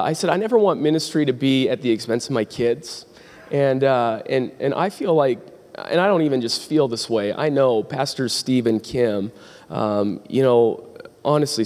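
A man's voice: medium pitch, darkish tone. A young man preaching as a guest pastor, rambling with restarts and joking asides, then reading scripture aloud. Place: church sanctuary. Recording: long hall reverb.

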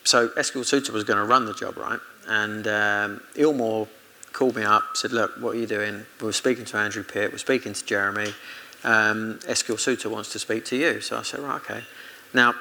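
A man's voice: on the low side, fairly even intonation, brisk, pushed and bright, a little hiss or hum, poor audio. A man from Britain, a former motorcycle racer, telling chatty anecdotes in an interview and quoting his own conversations. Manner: chatty anecdotes with laughs and self-quoted dialogue. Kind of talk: casual storytelling interview.

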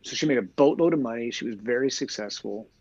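A man who is a priest, explaining his faith in a lively conversational way, full of rhetorical questions. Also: mid-range voice, fast talker, dry recording, lo-fi sound. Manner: animated storyteller, rhetorical questions. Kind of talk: conversational teaching.

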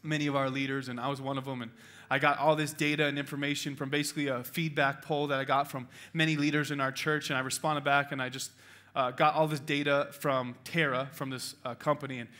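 A man's voice: mid-range voice, little pitch movement, quick pace, hardly any pauses, pushed and bright. A male pastor preaching a sermon in a church, telling a personal story with emotion and urging his congregation passionately. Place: church auditorium.

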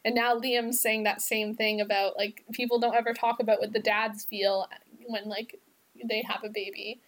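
A woman's voice: medium pitch, flat delivery, normal speed. A woman co-hosting a podcast in casual chat, talking with lots of "like" and easy fillers. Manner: chatty, many fillers. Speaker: podcast co-host.

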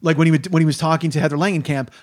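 A man co-hosting a podcast, excitedly retelling film scenes in casual conversation. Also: fairly high pitch, rapid-fire. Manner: excited, animated retelling with acted-out quotes. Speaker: podcast co-host.

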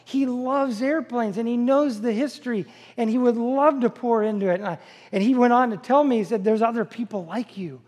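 A middle-aged man preaching a sermon and telling a story with animated enthusiasm. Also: extremely high pitch, fairly quick, in a large hall. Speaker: pastor.

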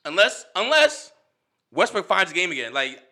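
A man's voice: sits high, big pitch swings, normal speed, pushed and bright. A man in a casual sports debate who talks animatedly, laughs often and repeats himself.

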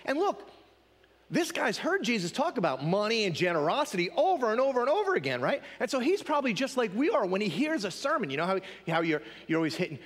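A male pastor delivers a sermon in a chatty, questioning way. His voice sits high and swings widely in pitch. A long reverb from a large hall hangs behind his words. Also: sing-song, fast talker, fairly bright tone. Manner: conversational, asks the congregation questions.

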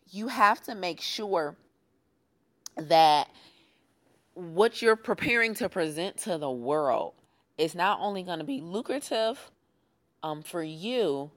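Woman, low voice, emphatic, casual podcast talk. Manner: emphatic, conversational, laughs often. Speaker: podcast host and fitness business founder.

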